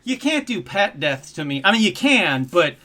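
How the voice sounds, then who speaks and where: Lively, bright-voiced male call-in host. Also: sits high, moderate pace. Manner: animated, self-mocking, easily excited. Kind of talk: casual live call-in show.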